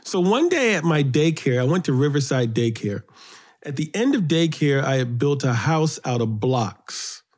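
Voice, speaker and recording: A middle-aged man from Brooklyn, New York, guest in an interview, telling childhood stories in an animated way, his voice lifting when excited. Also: moderate pace. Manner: animated storyteller, rises in pitch when excited. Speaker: guest, children's author and poet. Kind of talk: storytelling interview.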